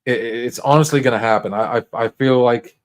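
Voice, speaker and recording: Rambling laid-back man hosting a livestream. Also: mid-range voice. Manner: rambling, halting, many restarts and fillers; laid-back and encouraging, talks straight to viewers. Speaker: livestream host. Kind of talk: casual livestream chat.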